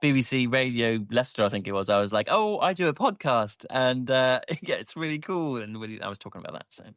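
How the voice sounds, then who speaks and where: A man co-hosting a podcast rambles through a story in easy, casual talk, full of ums and restarts. His voice is smooth and clear at a middle pitch, recorded dry and close. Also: fast talker, fairly bright tone, no echo. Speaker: podcast co-host. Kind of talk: casual chat.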